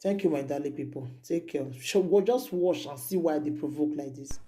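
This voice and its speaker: Woman, Nigerian Pidgin accent, vlogger, mellow warm tone, exclaiming, indignant. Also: low-pitched, moderate pace. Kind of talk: emotional gossip commentary.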